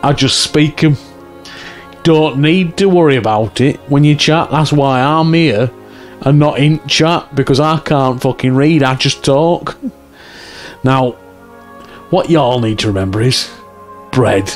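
A man's voice: mid-range voice, measured pace, faint music behind. Male game streamer, casual crude banter, reads chat aloud.

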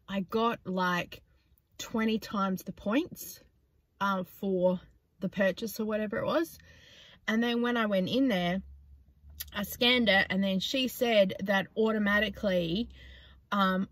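A woman's voice: mid-range voice, no echo. A middle-aged woman with an Australian accent, chatting casually in a vlog, laughing often as she retells her week. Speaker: vlogger.

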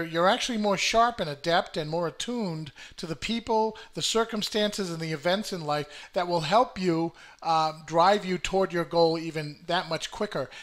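An older man with a high-pitched voice hosts a casual motivational video, speaking straight to camera as a self-help host. His talk is full of fillers and repeated words, and it swings between peppy and deliberately flat.

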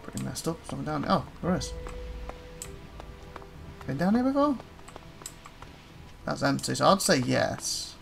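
Gamer, gravelly voice, chatty running commentary with sudden excited yelps. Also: medium pitch, faint music behind. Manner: chatty, talks to game characters, quick excited outbursts. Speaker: let's play gamer. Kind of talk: casual gameplay commentary.

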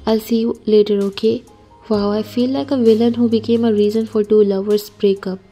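A woman's voice: a little high, fairly even intonation, a little fast, mellow, faint music behind. A woman reading as a teasing male friend. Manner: joking, mischievous. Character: teasing playful male best friend and employee.

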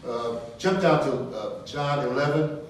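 A man teaching an informal Bible study class, talking casually and getting animated and high-pitched when worked up. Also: measured pace, slight background noise. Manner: animated, laughing storyteller, rises high when excited. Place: classroom or meeting room. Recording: echoey room from far off.

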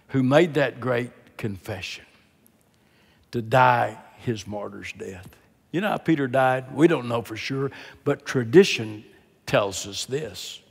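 An older man preaching a sermon, moving from quiet, hushed emphasis to loud, impassioned exhortation. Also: mid-range voice, creaky, slightly rough. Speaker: guest preacher. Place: large church sanctuary. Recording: long reverb of a large hall.

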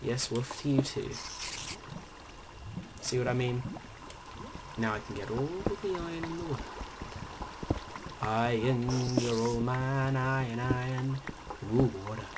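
A man commentating his own video game play in an animated way, pleading with and taunting the monsters and sometimes dropping into a whisper. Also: mid-range voice, slow pace, pauses often, very noisy. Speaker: let's play gamer.

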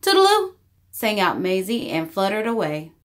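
A woman storyteller reading a rhyming children's story aloud, with expressive narration. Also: mid-range voice, a little slow.

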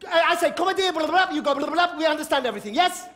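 A man doing manic stand-up on stage, shouting, stammering and cackling as he mixes broken French into his English. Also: very high voice, lively intonation, very fast, slight background noise. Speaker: stand-up comedian. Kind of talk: manic clowning stage comedy. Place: theater stage before a live audience. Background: audience laughter.

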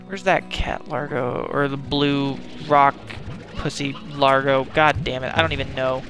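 A gaming streamer gives live gameplay commentary over music, his medium-pitched voice steady and measured in pace. He curses and mutters to himself in frustration as he plays, at times panicking and shouting.

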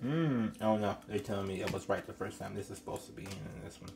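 A man reads tarot cards for his viewers in a loose, chatty way. He exclaims often and lets out sudden high-pitched squeals between calmer stretches. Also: fast talker, creaky, background noise. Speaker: tarot reader. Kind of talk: casual tarot reading to viewers.

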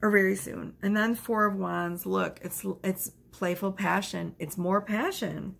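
A woman giving a casual tarot reading, chatty and animated, with lots of fillers. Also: medium pitch, a little slow, gravelly. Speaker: tarot reader.

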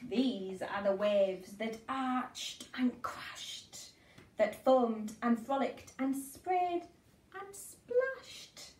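A woman with a high voice reads a rhyming picture book to small children, slowly and in a sing-song way, swooping up and down. She adds playful asides, and the sound is echoey, coming from a little way off the microphone. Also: animated, a little mellow, recorded from a distance. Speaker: children's storyteller. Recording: echoey room, away from mic.

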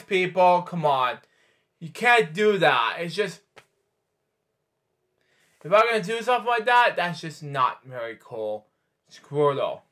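Bright-voiced man rambling through a storybook. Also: a little high, lively intonation, a little slow, long pauses. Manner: rambling, stumbling, many restarts and side comments. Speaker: storyteller host. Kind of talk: reading a picture book aloud with chatty asides.

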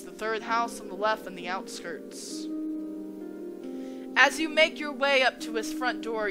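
A woman playing a visual novel, reading its narration aloud and reacting with stunned exclamations. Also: a little high. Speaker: let's play gamer. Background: game music.

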